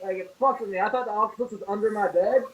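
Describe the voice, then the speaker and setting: A man on a horror podcast telling childhood stories in casual chat, animated and full of profanity. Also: high-pitched, fast, muffled recording. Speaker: podcast co-host. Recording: distant mic with faint noise.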